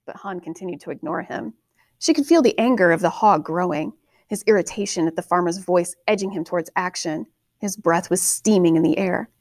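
A woman's voice: fairly low pitch, no echo. Woman reading a fantasy novel, dry sound. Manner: steady, measured storytelling. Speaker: audiobook narrator. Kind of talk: scripted fantasy novel narration.

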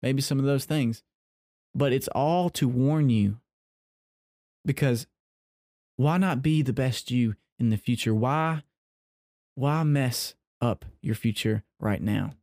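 A man's voice: mid-range voice, slow, pauses often, a little mellow, no room sound, studio quality. A man hosting a casual faith-based podcast, chatty and playfully teasing his listeners. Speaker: podcast host.

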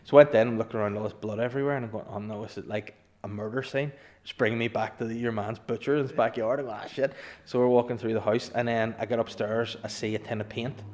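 A man's voice: medium pitch, steady tone, rapid-fire, hardly any pauses, darkish tone. A man in casual chat, telling anecdotes, swearing and acting out what people said. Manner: swearing, laughs through his stories, acts out dialogue. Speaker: storyteller guest.

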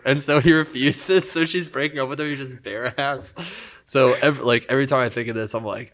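A young man swaps stories in a relaxed podcast-style chat, his voice sitting at an ordinary middle pitch. He tells them animatedly and laughs often along the way. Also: fairly quick. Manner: animated, laughs a lot while telling stories. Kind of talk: casual chat, storytelling.

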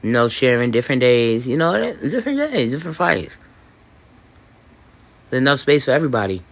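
A man hosting a podcast, talking in a loose, boastful monologue full of fillers, restarts and swearing, with hiccups and throat clearing. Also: mid-range voice, big pitch swings, fairly quick, a bit bright. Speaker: podcast host. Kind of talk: rambling casual monologue. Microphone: voice message recording.

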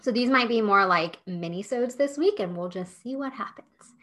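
A woman's voice: medium pitch, animated, normal speed, pushed and bright. A woman hosting a solo podcast, coaching business owners in a chatty, emphatic way with lots of "like" and "okay?".

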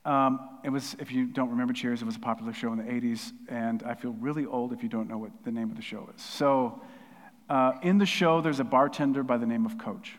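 A middle-aged man preaching a sermon with passion, his voice swelling from quiet asides to loud, fervent peaks. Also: medium pitch, steady tone, fairly quick. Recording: long hall reverb.

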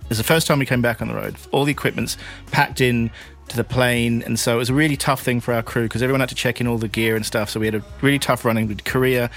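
A man co-hosting a podcast in casual chat, jokey and quick to laugh. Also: mid-range voice, fairly even intonation, a bit bright, soft background music. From Australia. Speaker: podcast co-host.

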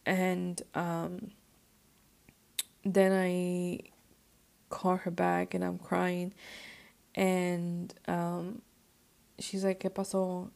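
A young woman hosts her podcast and tells a personal story in loose, casual chat. Her voice has a gravelly fry to it, and her pitch stays fairly flat. She leans on "like" constantly and drops into Spanish phrases now and then. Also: extremely slow, pauses often. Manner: filler-heavy, says "like" constantly, mixes in Spanish. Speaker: podcast host.

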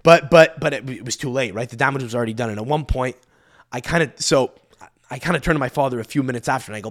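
A young man hosting a podcast, telling a story as a profane, animated rant that swings between loud outbursts and muttered asides. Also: mid-range voice, quick pace. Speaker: podcast host. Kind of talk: ranting storytelling monologue.

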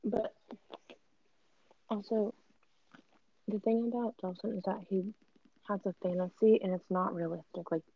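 A woman's voice: mid-range voice, fairly even intonation, measured pace, creaky, pauses often, breathy edge. Easygoing young woman on earbuds. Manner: easygoing, hesitant, filler-heavy. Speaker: podcast co-host. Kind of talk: casual chat. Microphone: AirPods. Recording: dull, dry earbud mic sound.

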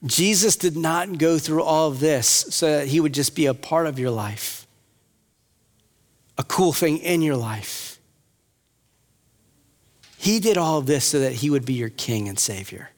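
Preaching earnestly as a pastor, a man with a slightly high, expressive voice speaks at a measured pace with long pauses, now and then building to impassioned appeals. An audience fills the church hall, whose long reverb lingers on the recording.

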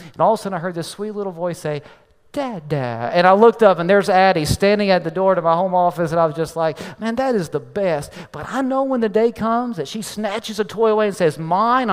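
A pastor in his thirties delivers a sermon, a man with a fairly high voice. He tells family stories and acts out the quoted lines with animation. His voice rings with the long reverb of a large hall. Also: smooth. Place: church sanctuary.

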